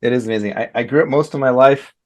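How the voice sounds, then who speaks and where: An easygoing man talking as a podcast guest in a casual conversation. He speaks thoughtfully, with a middle-pitched voice, and breaks into laughter often. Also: quick pace, a little mellow. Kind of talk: casual interview chat.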